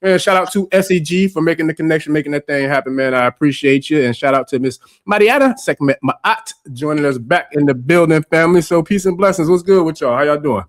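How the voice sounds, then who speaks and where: A man's voice: on the high side, fast talker, hardly any pauses, no room sound. Male host for a livestream talk show, laid-back street slang, stumbling repeats, dry close sound. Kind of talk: casual livestream chat.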